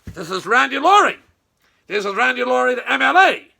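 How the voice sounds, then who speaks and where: A man's voice: very high voice, very animated, fairly quick, gravelly, sharp tone, pitched above the performer's own voice, exaggerated voice. A man voicing a pompous, indignant male politician who insists on his own importance and repeats his title. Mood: offended.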